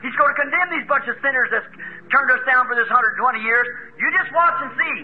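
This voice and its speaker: A man's voice: very high voice, a little fast. A man preacher voicing the old patriarch Noah, warning emphatically and with certainty, on a tinny old recording. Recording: tinny phone-like old tape with hiss.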